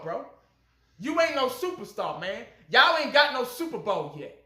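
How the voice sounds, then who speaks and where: A man's voice: extremely high pitch, sing-song, normal speed, pushed and bright, echoey room. Fired-up blunt man. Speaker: fan channel host. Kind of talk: casual fan commentary.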